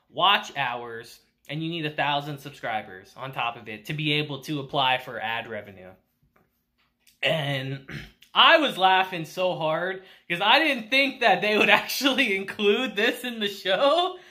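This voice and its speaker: A woman's voice: on the low side, lively intonation, measured pace, bright, forceful tone. A woman casually recapping an anime episode, laughing often and using slang and profanity. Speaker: anime reviewer.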